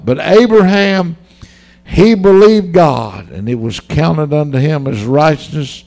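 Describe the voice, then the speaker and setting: A man's voice: a little high, vocal fry, a little mellow. A man preaching a sermon, fervent and folksy, repeating himself for emphasis. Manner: fervent, repetitive, folksy storytelling. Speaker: pastor.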